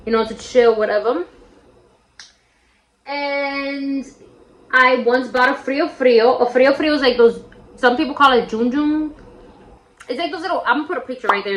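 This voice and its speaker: A young woman telling a childhood story in a casual, slangy way while doing a makeup tutorial, shrieking when she quotes her friends. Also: on the high side. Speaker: makeup vlogger. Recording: roomy echo.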